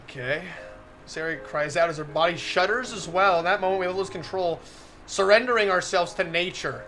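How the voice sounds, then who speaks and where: A man's voice: high-pitched, normal speed, pushed and bright. A man on a live stream reading a visual novel aloud, getting flustered, laughing often and breaking off to comment to his chat.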